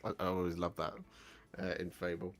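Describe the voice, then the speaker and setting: A man from the English Midlands with a Midlands accent, hosting a casual live stream in a chatty, rambling way and warmly thanking his viewers. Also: fairly low pitch, normal speed.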